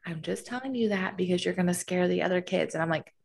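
A woman with a lilt talks candidly on a casual podcast, her voice sitting a little low. She tells stories with animated energy and quick asides. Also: creaky. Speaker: podcast co-host, military spouse. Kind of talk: casual chat.

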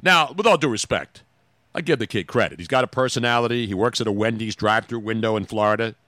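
A man's voice: fairly low pitch, fast, bright, forceful tone, dry recording, clean studio sound. A male radio host in wisecracking, emphatic morning banter, often talking over his co-host.

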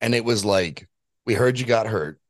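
Laid back guy host, low voice, dry close sound, says like a lot. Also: normal speed, no room sound. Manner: loose, rambling, swears casually. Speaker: podcast host. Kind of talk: casual podcast conversation.

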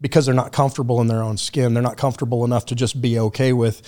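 A man's voice: medium pitch, level tone, fast talker, hardly any pauses, a little mellow. A man talking as a podcast guest, telling road stories in a blunt, profane, casual way. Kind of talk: casual conversation.

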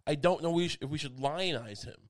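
A man's voice: fairly high pitch, fairly quick. A man ranting casually in a monologue, rambling and sardonic, with frequent swearing and restarts.

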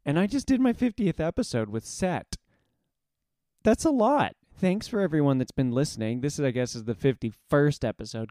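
A man's voice: medium pitch, darkish tone, smooth, dry recording, clean studio sound. Playful man narrating fantasy stories. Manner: playful, self-mocking. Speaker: podcast storyteller. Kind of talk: audiobook narration with casual asides.

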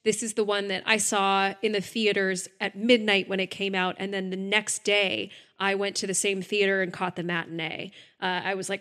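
A woman's voice: mid-range voice, level tone, moderate pace, few pauses, a bit bright. A woman co-hosting a podcast, chatting enthusiastically with frequent fillers. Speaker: podcast co-host. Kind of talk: casual podcast chat.

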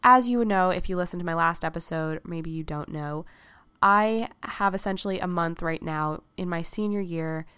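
An eighteen-year-old woman, hoarse from being sick, hosting a casual solo podcast in a chatty, reflective way. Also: on the low side, moderate pace, a bit bright, no echo. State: hoarse from illness. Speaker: podcast host.

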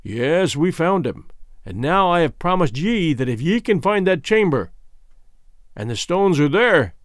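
A man voicing a stern, commanding king in an audiobook, with measured, grave pronouncements. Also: fairly high pitch, big pitch swings, no echo, studio quality. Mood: solemn. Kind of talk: audiobook character voice.

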